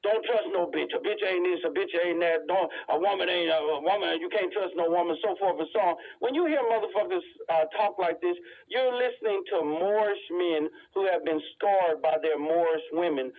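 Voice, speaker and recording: Casting: blunt, lecturing man with a fairly high voice, on a tinny, phone-like recording. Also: a little fast, hardly any pauses. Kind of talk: casual monologue.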